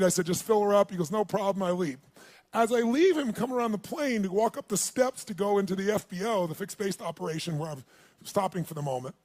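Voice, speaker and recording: A man speaking at a live seminar, telling an animated story and calling questions out to the audience. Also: high voice.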